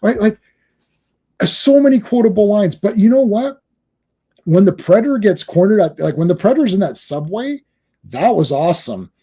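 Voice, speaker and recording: A man talking excitedly about a film in a casual podcast chat, quoting and acting out its scenes. His voice sits high for a man and sounds husky and mellow. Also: moderate pace. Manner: excited, acts out film lines. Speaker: podcast host. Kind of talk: casual movie discussion.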